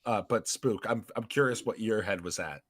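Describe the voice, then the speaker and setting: A man hosting a casual podcast chat, excitable and quick to laugh. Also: fairly low pitch, no echo. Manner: excitable, laughs often, shouts quoted lines. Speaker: podcast host.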